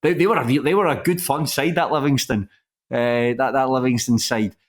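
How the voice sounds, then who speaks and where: A man's voice: mid-range voice, expressive, fairly quick. A man with a Scottish accent hosting a football podcast, chatting casually and rambling with many restarts. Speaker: podcast host.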